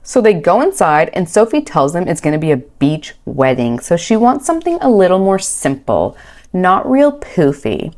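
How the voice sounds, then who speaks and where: Very animated but moving at a moderate pace, a woman with a lowish, somewhat mellow voice recaps a reality show from her home recording setup. Her tone is wry and chatty, and she does bouncy voices for the people she quotes.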